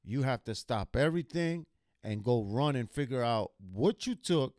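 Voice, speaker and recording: A man's voice: medium pitch, animated, moderate pace, a little mellow, no echo, clean studio sound. A man streaming a reaction video, telling a personal story casually in a blunt, profane, emphatic way.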